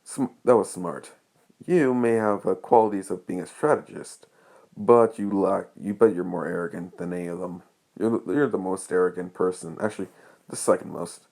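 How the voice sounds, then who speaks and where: A man's voice: low-pitched, moderate pace, vocal fry, darkish tone. A man voicing a brash, crude young woman who is a sniper student. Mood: cocky. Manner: crude, cocky, swears freely.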